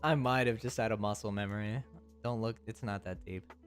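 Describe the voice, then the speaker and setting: A man's voice: on the low side, fairly quick, soft background music. A young man live-streaming who chats loosely and jokingly with his viewers, rambling and often laughing. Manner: rambling, joking, answers chat with frequent laughs. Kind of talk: casual live-stream chat.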